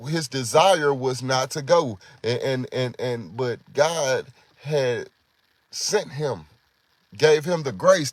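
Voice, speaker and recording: A man's voice: medium pitch, dry recording. A man giving an informal sermon, talking conversationally, often repeating words and acting out quoted prayers. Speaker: preacher.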